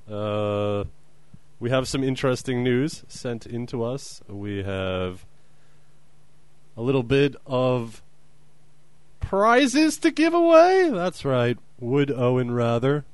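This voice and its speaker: A man's voice: medium pitch, a little mellow, clean tone, dry recording. A young man co-hosting a comedy podcast, dry and exasperated. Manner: theatrical, sing-song intro then dry exasperation. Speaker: podcast co-host. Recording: music bed behind.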